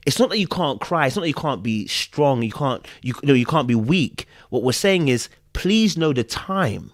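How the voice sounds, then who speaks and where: A man's voice: medium pitch, normal speed, no room sound, clean studio sound. A man co-hosting a podcast, chatting animatedly and acting out little voices as he argues his point. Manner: animated, acts out little voices, repeats words. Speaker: podcast co-host. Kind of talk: casual commentary chat.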